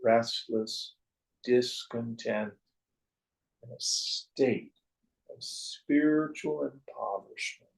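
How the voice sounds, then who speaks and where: Gravelly male spiritual teacher, slow and wry, tells stories to a class. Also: medium pitch, poor audio. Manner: storytelling, wry and joking.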